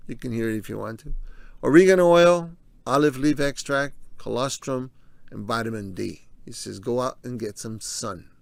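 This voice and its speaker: Man, casual explainer, gravelly voice, dry close sound, repeats points, asides to viewers. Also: medium pitch, fairly even intonation, moderate pace, fairly bright tone, dry recording. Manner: walks through on-screen slides. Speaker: presenter of a health video.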